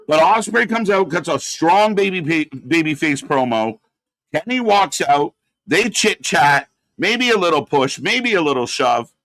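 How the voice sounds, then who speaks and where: A man's voice: a little high, animated, a little slow, a bit bright, no echo. Exasperated male watch-party host. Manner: exasperated, rambling critique with frequent fillers. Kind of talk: live watch-along commentary.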